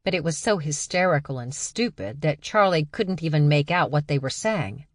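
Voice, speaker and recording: Casting: female audiobook narrator, low voice, dry booth sound, wry delivery. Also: animated, moderate pace, dry recording. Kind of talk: scripted narration.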